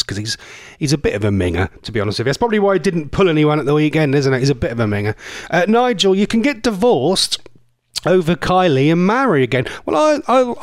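A radio presenter chats and teases his listeners in a loose, rambling way. His pitch leaps around animatedly, and the studio recording is close and dry. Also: no echo. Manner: chatty, teasing, rambling with mock-posh asides. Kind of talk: casual chat with listener messages.

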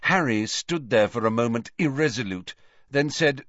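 A man's voice: mid-range voice, expressive, normal speed, a bit bright, no room sound, lo-fi sound. A man reading an audiobook aloud as its narrator. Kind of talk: scripted narration.

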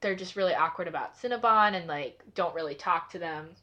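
A woman's voice: fairly low pitch, fairly quick, pushed and bright. A woman recapping a cartoon episode in casual chat, rambling with frequent likes and laughs.

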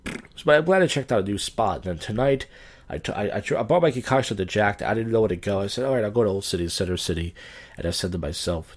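Middle-aged drunk comedian hosting a solo podcast, low voice, loose and slurring. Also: male voice, lively intonation, fast talker, breathy edge. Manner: slurred, loose, crude, wandering storytelling. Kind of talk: rambling casual podcast monologue.

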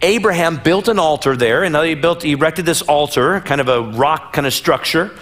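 A man's voice: a little high, moderate pace, fairly bright tone. A middle-aged male pastor preaching a sermon in a church, reading scripture and acting out the story in playful voices.

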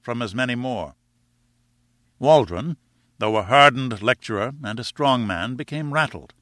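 Bright-voiced man narrating a novel. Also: mid-range voice, no echo, studio quality. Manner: measured, expressive storytelling. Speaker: audiobook narrator. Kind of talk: scripted narration.

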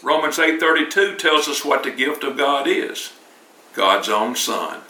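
A man's voice: medium pitch, expressive, a little slow, sharp tone. A man preaching a sermon in a church, talking in a conversational way and often repeating words as he restarts. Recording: roomy, distant mic.

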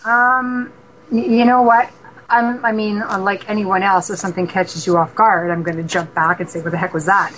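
A woman from Canada, a paranormal investigator, telling stories as a radio guest in an animated way and acting out dialogue. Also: mid-range voice, moderate pace, slight background noise, poor audio. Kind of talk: casual storytelling interview.

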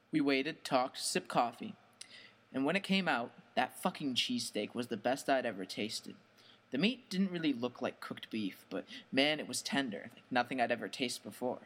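A man narrating a first-person horror story in a measured, plain storytelling manner. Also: medium pitch, expressive, a bit bright.

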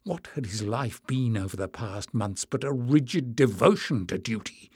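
A man reading a fantasy novel aloud in measured, expressive scripted narration. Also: mid-range voice, breathy edge, no room sound, studio quality. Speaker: audiobook narrator.

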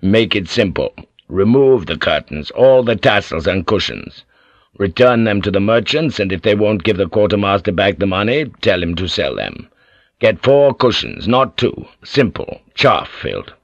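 A man voicing a calm, commanding older warlord who speaks in terse, measured orders. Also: fairly low pitch, no room sound, dull audio.

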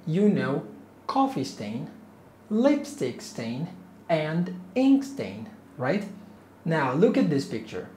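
A man teaching an English lesson, speaking slowly and patiently and repeating each phrase for learners to copy. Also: a little high, dark tone. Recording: echoey room with faint noise.

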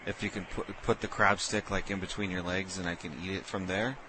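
Low-voiced brash male prank caller. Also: brisk, background noise. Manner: brash, crude and deadpan-forward. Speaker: prank caller and show host. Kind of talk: prank phone call.

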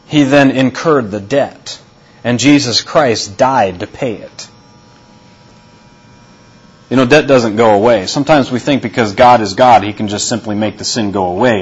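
A male pastor delivering a sermon, deliberate and repeating key phrases for emphasis. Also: mid-range voice, breathy edge, dull audio.

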